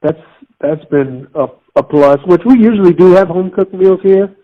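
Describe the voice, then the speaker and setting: A man's voice: high voice, moderate pace, narrow, tinny audio. A man from Miami chatting on a podcast, telling stories in a rambling way. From Miami, United States. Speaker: podcast co-host. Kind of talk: casual chat.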